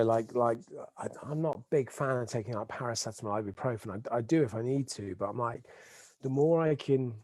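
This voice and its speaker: Rambling man, mellow voice. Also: mid-range voice, no echo. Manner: rambling, with frequent filler ums and restarts. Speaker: host of a weekly live stream. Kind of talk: unscripted casual monologue. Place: at home.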